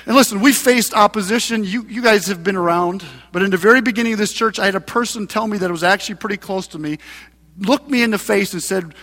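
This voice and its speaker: A male pastor preaching a sermon in a church, emphatic and building to loud passages. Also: high-pitched, fast talker. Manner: preaching with rising, emphatic mocking voices for scripture. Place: church sanctuary. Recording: long hall reverb.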